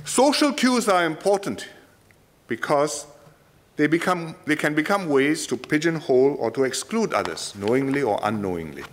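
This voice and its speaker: Singaporean man giving a lively parliamentary speech. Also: fairly high pitch. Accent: Singaporean English. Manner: measured, emphatic delivery in short phrases. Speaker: politician. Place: parliament chamber.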